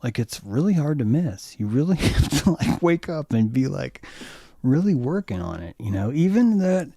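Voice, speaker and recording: Gravelly man in casual chat. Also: on the high side, moderate pace, no echo, clean studio sound. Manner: excitable, swears freely, repeats himself. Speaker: podcast co-host. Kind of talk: casual conversation.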